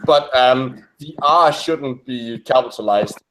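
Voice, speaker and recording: A man's voice: medium pitch, takes it slowly, background noise. Hesitant young man in casual commentary. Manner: hesitant, many restarts, laughs often. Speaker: co-host commenting on a video.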